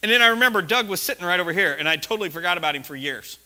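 A man preaching a sermon, telling a personal story with laughter and sudden shouted lines. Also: sits high, lively intonation, very fast.

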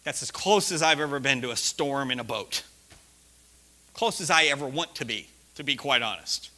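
A man preaching a sermon, telling a personal story with laughter and sudden shouted lines. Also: mid-range voice, animated, normal speed.

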